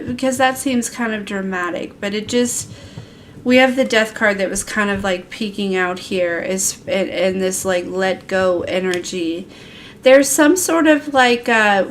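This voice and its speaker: A woman's voice: medium pitch, slight background noise. A woman casually giving a tarot reading on a livestream, chatty and laughing often, with lots of fillers. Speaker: tarot reader.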